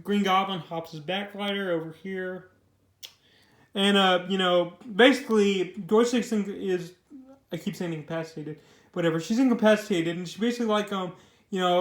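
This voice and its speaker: A man's voice: high-pitched, normal speed, roomy sound. A young man casually reviewing a comic book. He rambles loosely, restarts his sentences and leans heavily on fillers.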